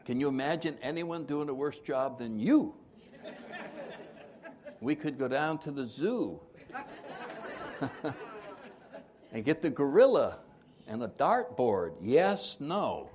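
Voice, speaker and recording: A man's voice: mid-range voice, big pitch swings, takes it slowly, long pauses, darkish tone, a faint crowd. A man leading a twelve-step recovery workshop, joking with the room and acting out the people he quotes. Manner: jokey, acts out quoted voices, laughs often.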